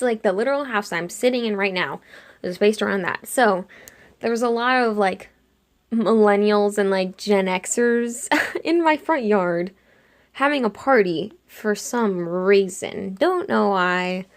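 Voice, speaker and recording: A young woman chatting casually while she sketches, retelling a dream in an animated way and acting out her own lines with lots of "like". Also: medium pitch, a little slow. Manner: chatty, animated quoting of herself with frequent "like". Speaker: art vlogger.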